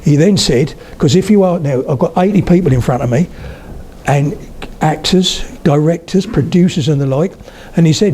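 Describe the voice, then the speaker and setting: An older man giving a public talk on spoken English tells anecdotes in a conversational way to a live audience of about eighty, pausing to check in with them. His voice sits on the high side, warm in tone, at a normal speed, with a faint hiss or hum.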